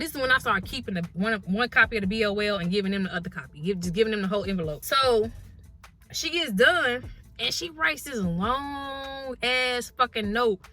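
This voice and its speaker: A woman trucker telling a story in a casual vlog, blunt and full of cussing. Her voice sits a little high and has a bright, forceful edge. She tells it with animated energy. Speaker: truck driver and vlogger.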